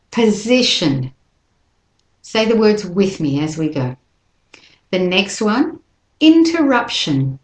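A woman teaching an English pronunciation lesson, slowly modelling words and sentences for listeners to repeat. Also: fairly low pitch, darkish tone. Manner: slow, careful modelling of words for repetition. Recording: echoey room.

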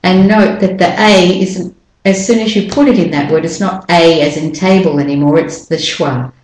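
A woman's voice: lowish voice, normal speed, a little mellow, slight background noise. A woman teaching English pronunciation, sounding out syllables one by one and repeating each word several times. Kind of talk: slow, deliberate pronunciation lesson. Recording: echoey room.

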